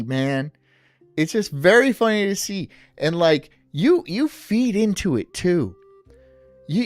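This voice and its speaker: A woman's voice: medium pitch, dry recording. A woman hosting a casual reaction stream who teases and jokes crudely. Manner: crude, teasing, giggly. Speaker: streamer host.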